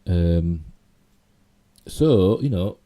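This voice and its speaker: Man, Yorkshire accent, middle-aged, low voice, slightly hoarse, rambling chatty live-stream host. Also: animated, drawn-out words, warm tone. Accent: Yorkshire English. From Yorkshire, England. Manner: rambling, chatty, with many fillers and self-asides. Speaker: channel host. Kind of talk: casual live-stream commentary.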